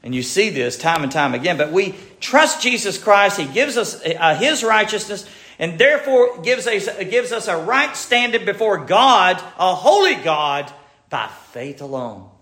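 A man's voice: sits high, big pitch swings, unhurried, pushed and bright, reverberant. A male pastor preaching a sermon, reading scripture and building to emphatic, rising passages.

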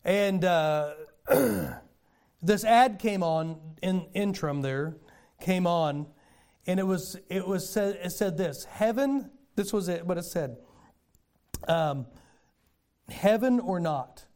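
An older man preaching a sermon in a folksy storytelling way, with sudden loud bursts. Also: high-pitched, slow pace. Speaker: pastor.

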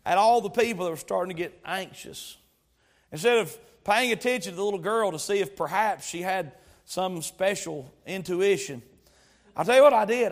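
A male pastor, preaching a sermon that moves from quiet storytelling to loud exhortation. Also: high-pitched, vocal fry.

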